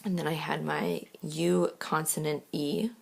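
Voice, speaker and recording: A woman teacher giving a recorded lesson, reading words clearly one by one and explaining steps patiently. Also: low-pitched, fairly even intonation, darkish tone. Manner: slow, clear word-by-word reading; patient step-by-step instruction.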